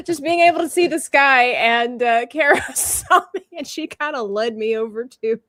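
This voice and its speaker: A woman's voice: high-pitched, moderate pace, no room sound, studio quality. A woman hosting a live art stream, chatting casually and telling stories with frequent laughter. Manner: bubbly, laughs often, animated storyteller. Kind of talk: casual chat.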